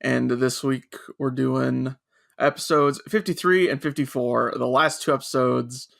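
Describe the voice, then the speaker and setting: A man co-hosting a podcast, recapping plot in a dry, measured way during casual chat. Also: medium pitch, fairly even intonation, creaky, fairly bright tone. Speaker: podcast co-host. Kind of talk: casual anime review chat.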